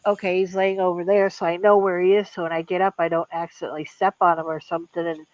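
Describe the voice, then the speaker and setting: Older woman, halting and grieving. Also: on the low side, flat delivery, a little mellow, dry recording, muffled recording. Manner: halting, grieving, many restarts. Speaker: guest. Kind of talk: casual chat.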